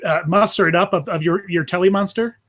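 High-voiced eager male host. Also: brisk, fairly bright tone. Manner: enthusiastic, stammering with repeats. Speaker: podcast host. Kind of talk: casual interview.

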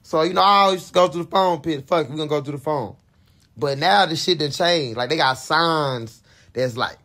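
A young man with a gravelly edge and a fairly high voice tells a wild story to his viewers. He talks casually and curses freely, jumping into loud re-enactments of his own screams and lines. It sounds like an unscripted vlog. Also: normal speed. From Fort Worth, Texas. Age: 20s. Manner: animated, profane, acts out his own screams and quotes. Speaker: vlogger.

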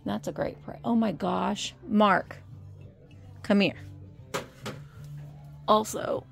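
Chatty woman with a gravelly fry. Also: mid-range voice, slow pace, faint music behind. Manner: chatty, thinks aloud while pricing items. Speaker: vintage reseller vlogger. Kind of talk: casual shop-along narration. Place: indoor antique mall.

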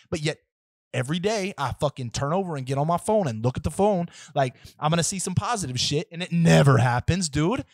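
A young man hosting a casual solo podcast, rambling and swearing through tangents, swinging between loud outbursts and muttered asides, close to the mic. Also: a little high, animated, moderate pace, no echo. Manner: rambling, profane, restless, many fillers and tangents. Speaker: podcast host.

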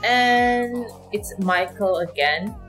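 A woman of average pitch hosts her gaming channel in a casual let's-play style. She is chatty and excitable, laughing often and coaxing the characters on screen. Faint music plays behind her voice. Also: drawn-out words, rough recording. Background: faint background music.

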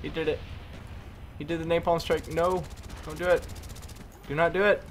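A hoarse young man giving excitable gameplay commentary, groaning and exclaiming at his teammates. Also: on the high side, normal speed, a little hiss or hum. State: hoarse, losing voice. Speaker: gaming YouTuber. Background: faint gunfire from the game.

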